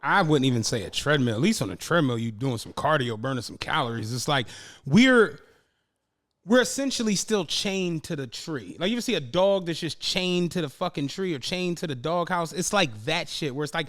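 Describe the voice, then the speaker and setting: A man's voice: fairly high pitch, a little fast. A man co-hosting a podcast, talking casually with lots of swearing and acted-out quotes. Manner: animated, swearing, acts out quotes. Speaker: podcast co-host. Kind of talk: casual chat.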